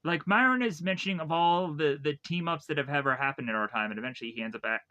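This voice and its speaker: A man with a bright, somewhat tense voice walks through a film's story scene by scene. His delivery is loose and rambling, full of fillers and restarts, as in a casual review. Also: fairly high pitch, quick pace, highs cut off. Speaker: film reviewer. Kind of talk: casual plot recap.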